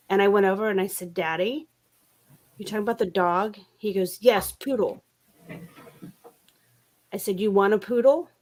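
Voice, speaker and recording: A woman's voice: mid-range voice, darkish tone. A middle-aged woman hosting a casual craft livestream, telling stories with frequent laughs and restarts. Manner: chatty storyteller, laughs often, many restarts. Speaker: livestream host.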